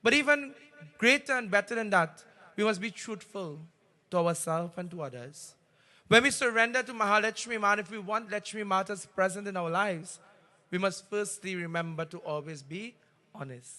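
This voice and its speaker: A man with a Trinidadian accent giving a devotional sermon as a pundit, telling a story and swelling louder on key phrases. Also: high voice, normal speed.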